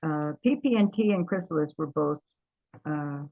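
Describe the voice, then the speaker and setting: Older woman, low voice, lively storyteller, restarts sentences, dull lo-fi audio. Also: normal speed, creaky. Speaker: interview guest. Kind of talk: storytelling reminiscence.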